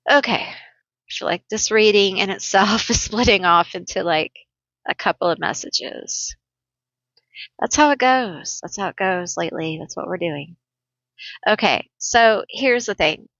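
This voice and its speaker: A woman with a bright, forceful voice giving a tarot reading in an unhurried way. She talks to her viewers in a chatty, emotional manner, thinking aloud as she pulls cards. The sound is dry and slightly dull. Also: medium pitch, dry recording. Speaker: tarot reader.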